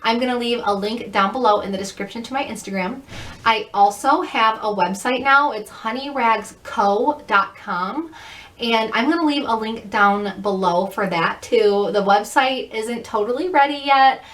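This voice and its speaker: A woman chatting quickly and upbeat as she shows off a thrift haul in a casual vlog. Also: fairly high pitch, a bit bright. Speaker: thrift reseller vlogger. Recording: echoey room, mic at a distance.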